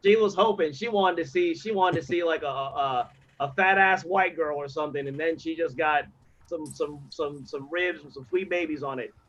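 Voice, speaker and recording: A man's voice: on the high side, normal speed, fairly bright tone. A man hosting a livestreamed comedy show over a video call, bantering playfully with the performers, on dull lo-fi audio.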